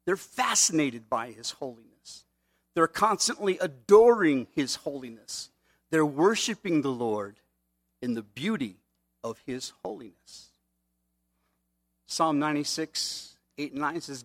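A man's voice: fairly high pitch, big pitch swings, measured pace. Conversational male preacher. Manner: conversational preaching with frequent "okay?" asides. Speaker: pastor. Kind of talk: sermon.

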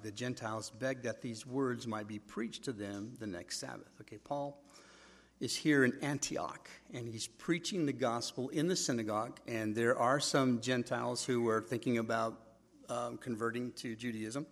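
A middle-aged man with a husky voice, preaching a sermon in a conversational way, telling stories and acting out quotes. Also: medium pitch, moderate pace. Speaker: pastor.

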